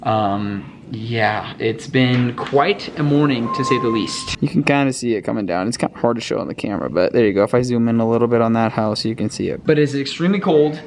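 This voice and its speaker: Rambling worried young dad vlogging. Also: male voice, medium pitch, a little fast, few pauses, slight background noise. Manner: rambling, many fillers, worried. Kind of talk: casual home vlog chat. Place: family home, indoors.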